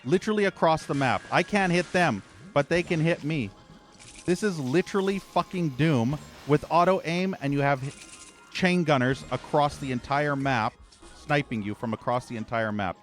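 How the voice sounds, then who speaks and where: Exasperated, swearing man narrating his gameplay. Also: medium pitch. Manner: profane, exasperated ranting at the game. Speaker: gaming channel host. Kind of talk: let's play commentary.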